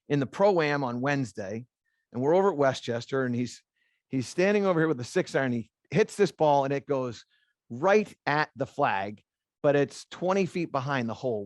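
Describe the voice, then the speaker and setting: A middle-aged man, a golf instructor, speaking to a room of golf teachers as an animated storyteller who repeats phrases for emphasis. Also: medium pitch, no room sound, clean studio sound.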